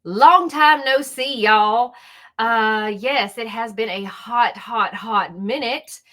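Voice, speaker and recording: A woman with a fairly high voice hosts a casual reaction commentary channel on YouTube, taking her time as she speaks. She's chatty and animated, addressing her viewers directly.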